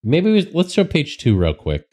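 A man co-hosting a livestream, chatting casually while solving a crossword, relaxed and halting with many fillers. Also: a little high, slightly rough. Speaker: streamer co-host.

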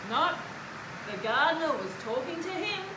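A woman reading a children's story aloud at church, slow and expressive, then explaining its meaning to children. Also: high voice. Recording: roomy hall with background noise.

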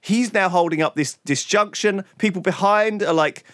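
A high-pitched man with a slightly bright voice co-hosts a podcast, telling a long story at normal speed while cursing freely in casual talk. The recording is dry and clean, studio quality.

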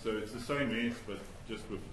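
A man, an advocate arguing formally in a courtroom, measured and deferential, with some hesitations. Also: fairly low pitch, noisy background. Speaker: advocate addressing a judge.

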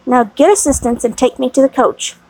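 A woman's voice: sits high, brisk, dark tone, dry recording, low-quality recording. A woman reading the lines of a resolute grown man in a prison cell, urgent and commanding in manner.

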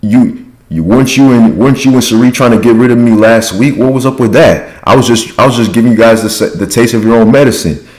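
A man's voice: deep voice, steady tone, moderate pace, hardly any pauses, sharp tone, low-quality recording. A man playing an indignant motherly woman.

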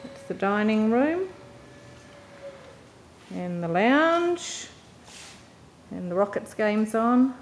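Relaxed woman, speaks slowly while showing her house on a home camcorder with clear background noise. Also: medium pitch. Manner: chatty, relaxed, laughs softly between remarks. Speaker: home video narrator. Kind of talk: casual home tour narration. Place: inside a family house. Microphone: handheld camcorder mic. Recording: noisy home camcorder audio.

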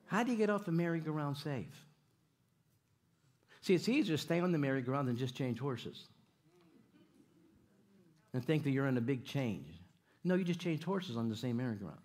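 Animated preacher man telling stories. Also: mid-range voice, normal speed, long pauses. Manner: animated, jokey, repeats himself, audience call-outs. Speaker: guest preacher. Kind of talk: sermon with stories and jokes. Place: church sanctuary.

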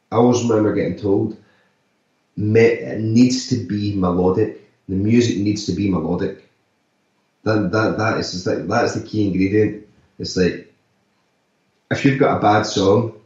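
An actor and musician talking loosely in an interview, full of "like" and "sort of" fillers. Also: male voice, fairly low pitch, darkish tone. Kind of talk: casual interview talk. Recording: echoey, distant, slightly dull remote audio.

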